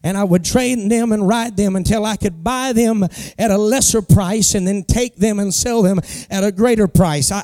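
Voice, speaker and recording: A man's voice: high-pitched, a little mellow, dry recording, clean studio sound. A middle-aged man, a pastor telling a folksy story as a sermon testimony. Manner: folksy storytelling with homespun sayings.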